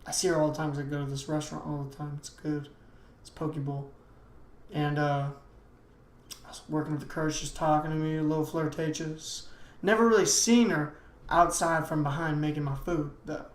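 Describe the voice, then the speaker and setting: Fairly high-pitched and fairly even in intonation, this young man from the United States talks at normal speed on his casual solo podcast, rambling in slang stuffed with "dude" and "man." The echoey recording carries a little hiss or hum.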